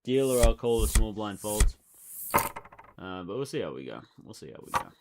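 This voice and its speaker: A man giving casual running commentary as he plays online poker, thinking aloud and swinging from excited outbursts to low muttering. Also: moderate pace, very noisy.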